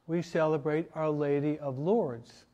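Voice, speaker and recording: A man, a priest, teaching a parish catechesis class in a relaxed, conversational way, asking his listeners questions. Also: a little high, measured pace, dull audio. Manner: conversational, asks the audience questions, many restarts and asides. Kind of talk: informal parish teaching talk.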